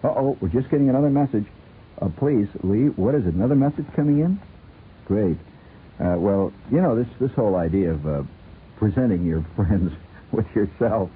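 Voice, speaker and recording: A man's voice: lowish voice, expressive, moderate pace, slight background noise. Rambling man on tinny old radio. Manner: rambling, chuckling, playful. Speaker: radio host. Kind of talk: late-night radio chat.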